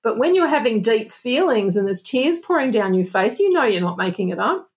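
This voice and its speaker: A woman's voice: a little high, big pitch swings, fairly quick. A woman guest, a past life regression therapist, speaking earnestly and reflectively in a casual interview, often restarting her sentences. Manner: earnest, reflective, with frequent restarts and "you know".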